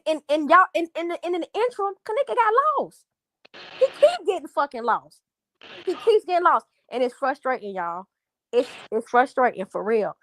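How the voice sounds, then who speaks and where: A woman's voice: very high-pitched, a bit bright, no echo, studio quality. A woman hosting a livestream, venting angrily to her viewers in a profane, repetitive rant. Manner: angry, profane, repetitive, addresses chat as y'all. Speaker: livestream host.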